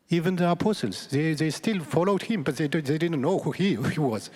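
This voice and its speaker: Earnest priest with a fairly high voice in a church. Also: male voice, brisk, darkish tone. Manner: storytelling, earnest, chuckles between points. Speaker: Catholic priest. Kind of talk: sermon. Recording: long church reverb.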